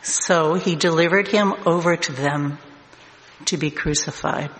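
Slow, deliberate scripture reader. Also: male voice, on the high side, fairly bright tone. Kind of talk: Bible reading narration. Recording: echoey hall, long reverb, faint noise.

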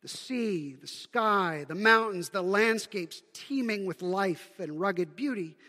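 High bright-voiced male preacher. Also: expressive, slow pace, long reverb tail. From Canada. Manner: conversational preaching with rhetorical questions. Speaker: pastor. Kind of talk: sermon.

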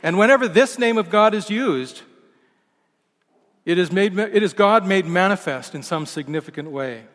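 A man preaching a sermon as pastor, with a measured, emphatic delivery whose lines fall away at the ends. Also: sits high, lively intonation, a bit bright. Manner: measured, emphatic delivery with falling line endings. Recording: long reverb of a large church hall.

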